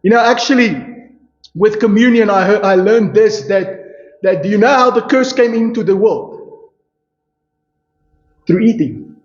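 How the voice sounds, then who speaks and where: High-voiced pastor preaching in an echoey hall. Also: male voice, measured pace, pauses often. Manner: emphatic preaching with rhetorical questions and repeated "you see". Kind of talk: sermon. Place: church hall. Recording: echoey church hall, dull lo-fi sound. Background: congregation calling out responses.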